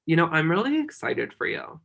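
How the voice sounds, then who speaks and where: Guy on a podcast hyping up his friend, bright forceful voice, super emphatic. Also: on the high side, huge pitch swings, a little fast, gravelly. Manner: effusive, emphatic encouragement. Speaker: podcast guest. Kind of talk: casual chat.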